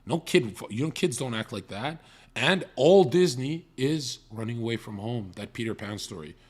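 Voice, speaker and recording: Husky young man ranting on stream. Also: medium pitch, lively intonation. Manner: profane, fast storytelling with mocking quoted voices. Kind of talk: casual stream chat.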